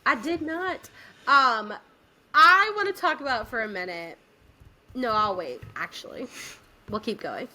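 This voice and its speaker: A young adult woman chatting casually on a podcast, her voice bright and forceful. She retells scenes in an animated, giggly way. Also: a little high, measured pace, long pauses, a little hiss or hum. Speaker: podcast co-host. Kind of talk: casual chat.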